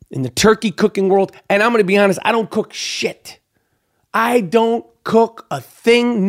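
A man hosting his own podcast in a brash, profane, rambling solo monologue, hyped up and talking freely. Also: sits high. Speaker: podcast host.

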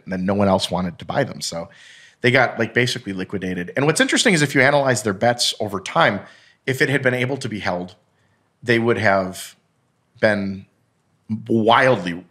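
Man, low pitch, casual podcast chat, rambling storyteller, frequent restarts. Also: a bit bright.

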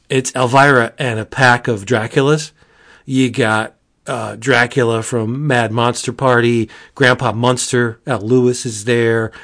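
A man reviewing comic books in casual podcast chat, gushing and excitable, jumping to high exclamations.

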